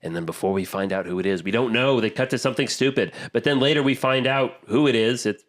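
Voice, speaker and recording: A man hosting a podcast in casual chat, telling a film's plot in a lively, animated way with quick asides. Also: medium pitch. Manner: animated storytelling, quick asides, acts out quotes. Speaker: podcast host.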